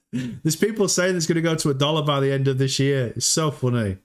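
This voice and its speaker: A man's voice: on the high side, brisk. A man hosting a casual livestream, chatty, often repeating words and laughing as he talks. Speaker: livestream host.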